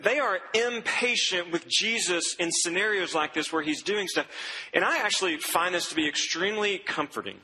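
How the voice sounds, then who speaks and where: Male pastor, sermon, high voice, very bright tone, conversational preaching, long hall reverb. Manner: conversational preaching, quotes scripture and acts out voices.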